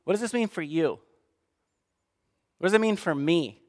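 A man preaching a sermon, swinging between hushed asides and fired-up outbursts. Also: on the high side, expressive, moderate pace, long reverb tail. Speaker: pastor.

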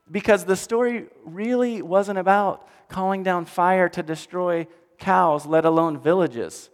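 Male pastor, somewhat high voice, lively storytelling sermon, long hall reverb. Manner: animated storytelling, drops to quiet for emphasis.

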